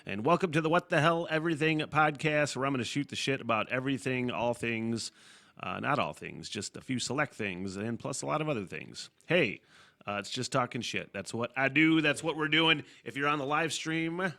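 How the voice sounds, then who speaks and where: A man's voice: medium pitch, normal speed, bright, forceful tone. A man hosting his own podcast, chatting casually and loosely, swearing freely and laughing at his own asides. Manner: loose and profane, rambling with fillers and chuckles. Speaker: podcast host. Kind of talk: casual solo podcast chat.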